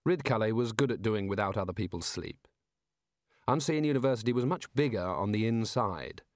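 A man narrating a comic fantasy audiobook with a dry, measured comic delivery. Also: lowish voice, dry recording. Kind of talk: scripted narration.

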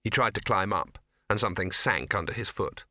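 A man narrating an audiobook with measured, even storytelling. His voice is bright and forward. The recording is close and dry. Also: lowish voice, no room sound. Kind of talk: scripted narration.

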